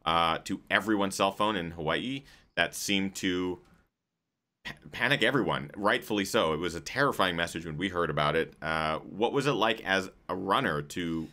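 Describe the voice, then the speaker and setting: Deep, bright-toned podcast host. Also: male voice, moderate pace. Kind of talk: casual interview chat.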